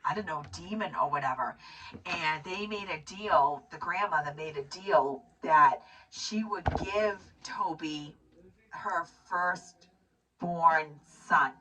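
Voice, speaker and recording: Speaking slowly in a deep voice, a middle-aged woman recaps a film as co-host, wandering through the plot and performing the characters' quotes with animation. The distant microphone adds hiss.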